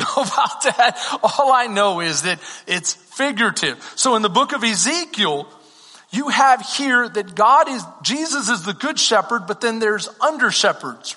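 A man's voice: high-pitched, sharp tone, slightly rough, big-room sound. A Texan man preaching a sermon as pastor, talking conversationally and asking the congregation questions.

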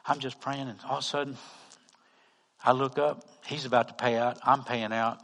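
A man with a Texan accent, a pastor telling a story in a sermon, acting out the dialogue and swinging from loud to hushed. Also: medium pitch, fairly even intonation, moderate pace, long reverb tail. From Texas. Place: church hall.

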